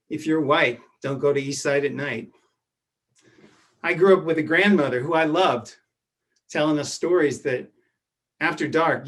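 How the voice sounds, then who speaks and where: A man telling a true personal story from his youth, in a measured way that often drops to a hushed voice. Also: on the high side. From Edwardsville, Illinois.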